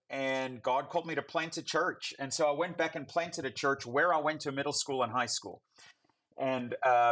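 A man in his forties with a light South African accent, a pastor telling his story as a guest in a friendly, relaxed way. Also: a little high. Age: 40s. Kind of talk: conversational interview answer.

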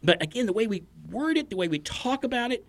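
Earnest middle-aged pastor hosting a podcast. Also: male voice, sits high, sing-song, fast talker. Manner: earnest, storytelling, chuckles between points. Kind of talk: conversational podcast teaching.

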